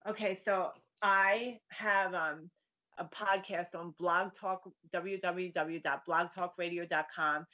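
A woman guest, a psychic medium, chats casually in an interview and plays out the voices in her stories. Her voice is on the low side, bright and forceful, with fairly even intonation, and she takes her time. The recording is dull and lo-fi.

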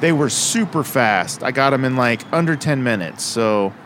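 A man's voice: mid-range voice, expressive, moderate pace, a bit bright, slight background noise. A man hosting a podcast in a playful, joking casual chat. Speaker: podcast host.

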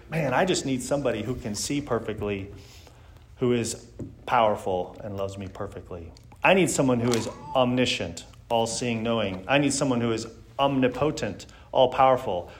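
A man's voice: medium pitch, a little hiss or hum. A man giving a church Sunday school lesson, speaking earnestly and reading scripture aloud with emphasis.

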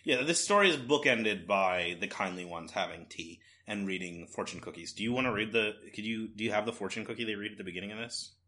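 Casting note: man with a lowish voice, relaxed co-host talk, lots of "like" and "uh". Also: quick pace, few pauses. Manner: loose and conversational, many fillers. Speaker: podcast co-host. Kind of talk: casual comic book discussion.

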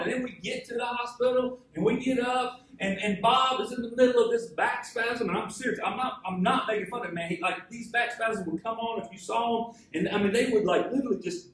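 Preacher guy, high voice, joking around, big echoey room, far off mic. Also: moderate pace, slight background noise. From Georgia, USA. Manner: storytelling, joking, animated. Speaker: pastor. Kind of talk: sermon. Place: church hall.

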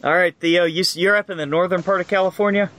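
Male co-host, high bright voice, wry quick quips. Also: steady tone, slight background noise. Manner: short wry reactions and jokes. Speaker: podcast co-host. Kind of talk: casual chat.

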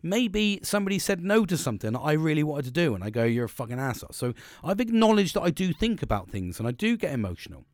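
Man, podcast host, blunt and sweary, rambling, lively rising and falling voice, dry close sound. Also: fairly high pitch, quick pace, dry recording. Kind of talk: casual podcast monologue.

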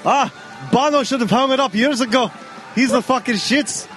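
A man's voice: extremely high pitch, normal speed, fairly bright tone, faint music behind. A man doing a comic impression of a crude Irish woman wrestler in a shaky put-on Irish accent, blurting "oi" and "hello" over and over. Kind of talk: comedic impression.

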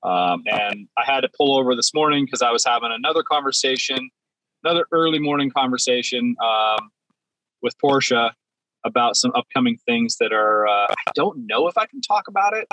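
A man's voice: medium pitch, lively intonation, moderate pace, sharp tone, no echo, rough recording. A man chatting casually on a podcast from the driver's seat of his parked car, rambling and self-deprecating. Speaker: podcast guest. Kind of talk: casual chat.

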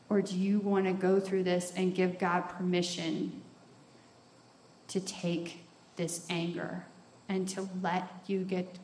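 A woman's voice: on the low side, a little mellow, a little hiss or hum. A woman talking frankly and with self-mocking humor about recovery, often tagging lines with "right?". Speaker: recovery program speaker. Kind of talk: candid talk on recovery. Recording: roomy echo, faint ambience.

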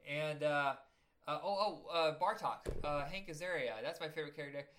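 A man with a voice set somewhat high for a man, trading film talk as a podcast co-host. He tells his stories with lively, animated chatter and drops curses without a second thought. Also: moderate pace, slight background noise. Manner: chatty, animated storyteller, swears freely. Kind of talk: casual chat about animated films.

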